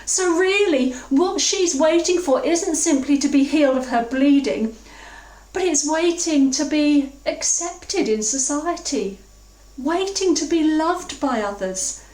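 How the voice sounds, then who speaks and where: A woman from England preaching a sermon, reflective and earnest, slowing down to stress key words. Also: high-pitched, darkish tone. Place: church hall. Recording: roomy, distant mic.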